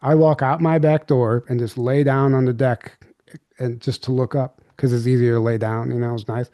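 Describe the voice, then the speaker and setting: A man's voice: medium pitch, level tone, normal speed, mellow, no echo. A man, a podcast guest, recounting an eerie personal encounter in a loose, rambling way, full of "like" and restarts. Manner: rambling, filler-heavy recounting with many restarts. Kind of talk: candid storytelling.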